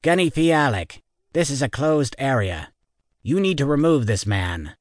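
A man's voice: medium pitch, very animated, measured pace, no room sound, clean studio sound. A man voicing a stern, by-the-book male sergeant major in an audiobook, with clipped military formality.

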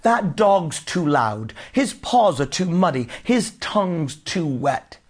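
A man voicing a shrill, grumpy young bride who snaps and shrieks. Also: big pitch swings, takes it slowly, heavily acted. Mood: shrieking. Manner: shrieking, snappish.

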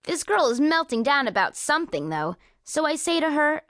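Woman reading a kids audiobook, bit high, bouncy delivery, dry close studio sound. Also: normal speed, hardly any pauses, no echo. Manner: lively, expressive storytelling. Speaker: audiobook narrator. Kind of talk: first-person audiobook narration.

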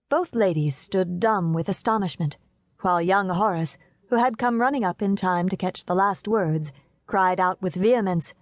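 A woman narrating a classic novel as an audiobook, telling the story in an even, measured way. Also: on the low side, no room sound.

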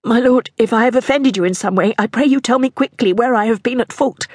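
An anxious woman of thirty-eight begging her lover, her voice lifting high and imploring, as the narrator puts her on. The sound is close and dry. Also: little pitch movement, unhurried, dark tone, husky, dry recording, exaggerated voice. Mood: pleading. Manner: raised, imploring and tremulous. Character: anxious 38-year-old mistress, pleading.

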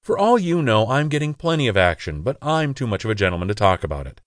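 A man's voice: medium pitch, sing-song, fast talker, no room sound, voice pushed up, natural voice. A man voicing a self-conscious young gay man who answers a friend in dry, defensive retorts.

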